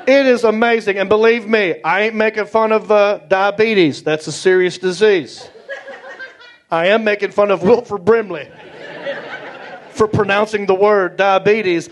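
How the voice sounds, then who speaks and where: A male stand-up comedian performing a playful, animated set and talking with the audience, on a club stage with a handheld mic. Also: high voice, a little slow. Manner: animated and playful, talks with the crowd. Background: audience laughter.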